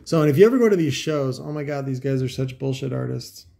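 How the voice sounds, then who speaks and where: A man's voice: medium pitch, lively intonation, fast talker, gravelly, mellow. A man hosting a casual commentary, talking in a sarcastic, profane, rambling way full of asides. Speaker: host.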